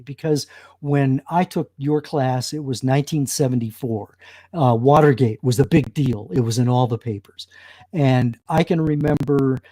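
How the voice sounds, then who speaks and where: A man's voice: medium pitch, a little mellow, no room sound. A man hosting a one-on-one interview, reading his guest's background with some fillers and restarts. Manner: reads guest bio with fillers and a laugh. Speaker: interview host. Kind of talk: conversational interview.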